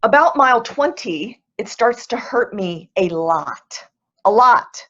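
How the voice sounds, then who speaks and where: A woman's voice: fairly high pitch, animated, slow pace, a bit bright, highs cut off. A woman speaking as guest speaker in a webinar, earnest and upbeat, walking through numbered tips. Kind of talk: motivational webinar talk.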